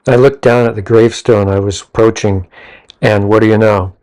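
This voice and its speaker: Male co-host, low pitch, plain matter-of-fact narration. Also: little pitch movement, normal speed, a little mellow. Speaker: paranormal investigator co-host. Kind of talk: casual narration.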